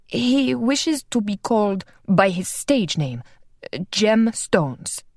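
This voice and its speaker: A woman's voice: mid-range voice, very animated, takes it slowly, dry recording, clean studio sound, heavily acted. A woman narrator voicing a nervous, fumbling male court secretary reading out charges. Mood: nervous formal. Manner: hesitant, stammering formal reading.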